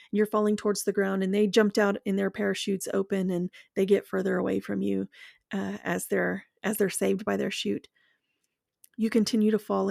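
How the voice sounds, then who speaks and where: A woman speaking in a slow, measured, earnest reflective monologue, walking the listener through guided imagery and then sharing her own experience. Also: mid-range voice, vocal fry, darkish tone, dry recording, clean studio sound.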